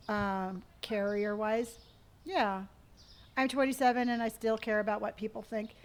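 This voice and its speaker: A middle-aged woman streaming live, reading viewer comments and answering them in a warm, gentle way, often calling people honey. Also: mid-range voice, steady tone, a little slow, a little hiss or hum. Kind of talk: casual live-stream chat.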